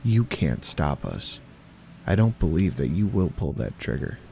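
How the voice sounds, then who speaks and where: A reckless teenage boy with calm, defiant certainty, as a narrator puts him on. His low, dark voice stays level and precise, even when he is mocking his friends. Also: measured pace, gravelly, slight background noise, heavily acted.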